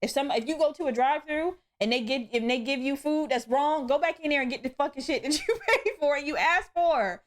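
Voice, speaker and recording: Young woman podcast host going off, cussing a lot, kinda high voice, animated rant. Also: a little fast, few pauses. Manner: blunt, profane, animated storytelling. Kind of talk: casual solo podcast rant.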